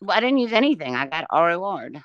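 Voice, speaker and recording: A woman's voice: on the low side, very animated, quick pace, highs cut off, a crowd in the background. Blunt, profane woman ranting. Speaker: livestream guest. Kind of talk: casual livestream chat.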